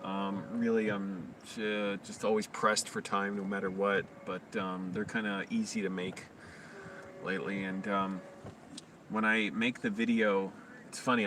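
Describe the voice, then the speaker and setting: A man's voice: on the low side, level tone, normal speed. Brief: rambling male live-streamer, casual chat, slightly distant mic with faint noise. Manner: rambling, loose talk full of fillers.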